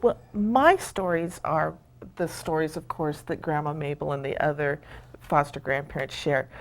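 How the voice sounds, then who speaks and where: A woman on the program's staff speaks in a low voice. She explains its work steadily and calmly as an interview guest. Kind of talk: studio interview.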